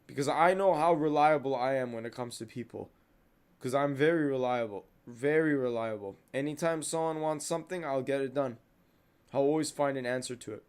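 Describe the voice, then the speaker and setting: A man's voice: medium pitch, a little fast, darkish tone, smooth. A young man hosting a podcast, venting in a casual monologue, heated and repeating himself. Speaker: podcast host.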